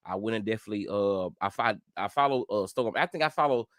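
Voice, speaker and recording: A man's voice: fast talker, no room sound. Profane, rambling middle-aged Memphis man. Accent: Memphis Southern. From Memphis, Tennessee. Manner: rambling, profane, with frequent self-interruptions and restarts; animated, with sudden high-pitched exclamations. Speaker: YouTube commentary host. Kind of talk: casual vlog commentary.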